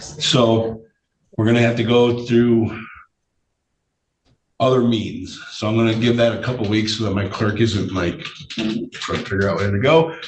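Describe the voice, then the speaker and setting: A male judge with a voice he says is giving out, speaking in a measured way, often repeating phrases and using fillers during a courtroom hearing. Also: fairly low pitch, fairly even intonation. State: losing his voice. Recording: echoey room, distant mic, faint noise.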